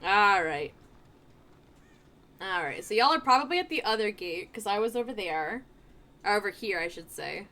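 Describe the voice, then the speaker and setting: A woman streamer commenting live on her gameplay in an excitable, playful way, laughing often and trash-talking the other players. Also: medium pitch, moderate pace, long pauses.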